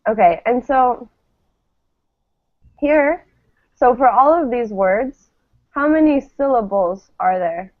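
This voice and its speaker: A woman's voice: fairly high pitch, expressive, takes it slowly, long pauses. A woman teaching English pronunciation, patiently modeling words for her class to repeat. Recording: tinny phone-like lo-fi sound.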